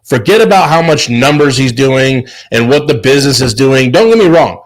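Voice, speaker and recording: A man with a mid-range, animated voice speaks at normal speed in a low-quality recording. Hosting a chef business show on a video call, he preaches motivation emphatically and repeats himself.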